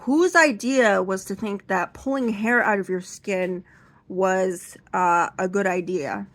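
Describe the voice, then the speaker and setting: Young woman, stand-up comic, rambling, halting restarts, mid pitch. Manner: acts out other people in high, loud voices. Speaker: stand-up comedian. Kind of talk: seated stand-up storytelling.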